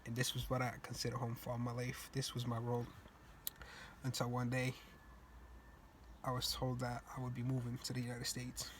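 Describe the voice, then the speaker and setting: Young man from Cape Verde, reflective storyteller, relaxed casual phrasing, faint noise underneath. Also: mid-range voice, normal speed, pauses often. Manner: reflective, earnest, loose casual grammar. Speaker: student speaker. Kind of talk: personal storytelling speech.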